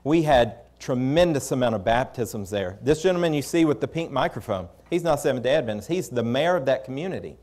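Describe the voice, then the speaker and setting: A man's voice: medium pitch, lively intonation, a little fast, hardly any pauses, a little mellow. Candid male preacher telling a story. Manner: conversational and candid, with frequent restarts. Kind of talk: storytelling sermon.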